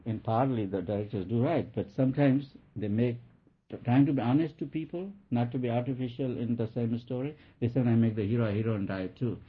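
A man giving a spiritual talk with an anecdote, speaking haltingly with many restarts and soft laughs. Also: medium pitch, breathy edge. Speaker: spiritual teacher. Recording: tinny phone-like lo-fi recording.

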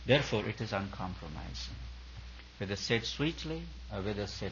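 A man's voice: fairly low pitch, animated, moderate pace, vocal fry, fairly bright tone, a little hiss or hum. A man preaching a sermon to a retreat audience as a spiritual teacher, speaking in emphatic, repetitive phrases. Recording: dull lo-fi recording.

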